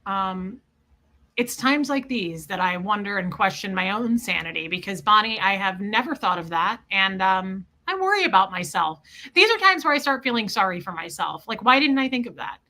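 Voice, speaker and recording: A woman with a mid-range, bright voice hosts a casual livestream, speaking at normal speed with lively intonation and a forceful tone. She rambles through a story in a scattered, chatty way, greeting viewers mid-story.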